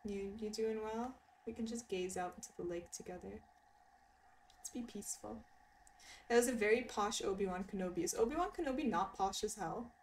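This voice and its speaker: During a gaming stream, a woman casually chats and giggles with viewers, reacting to what they type. She talks fairly quickly in a mid-range voice, captured by a distant mic over game music with slight background noise.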